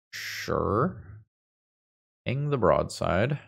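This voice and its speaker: Congested, gravelly low-voiced man. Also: measured pace, pauses often. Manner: thinking aloud, dry self-aware quips. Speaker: Magic gameplay video host. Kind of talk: casual gameplay commentary.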